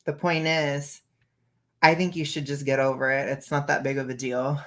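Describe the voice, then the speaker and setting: A woman's voice: rumbling low, little pitch movement, normal speed, a bit bright. A woman hosting a casual reaction stream over a video call, blunt and opinionated, often breaking into laughs. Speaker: stream host.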